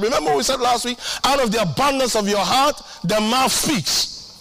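A man preaching a sermon as pastor, emphatic and animated, repeating key lines and acting out his own prayers with humor. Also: extremely high pitch, normal speed, gravelly, soft background music.

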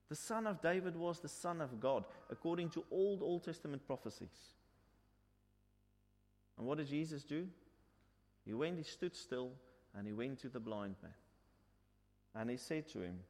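A man's voice: on the high side, expressive, measured pace, pauses often, darkish tone. A man preaching a sermon. He tells the story, asks the listeners questions, and repeats his points in two languages. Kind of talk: bilingual sermon. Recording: long hall reverb.

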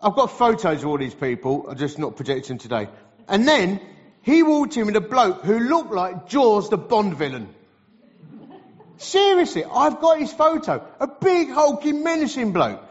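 A man's voice: high-pitched, moderate pace. Guy preaching, funny storyteller, voice swoops all over, big echoey hall. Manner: lively, humorous storyteller. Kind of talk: storytelling sermon. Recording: reverberant hall, slightly dull sound.

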